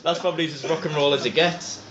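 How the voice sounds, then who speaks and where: A young man, telling rapid, animated anecdotes in casual chat as a band member and podcast guest, full of swearing and acted-out quotes. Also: fairly high pitch, crowd noise. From North East England. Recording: echoey, slightly dull podcast room recording.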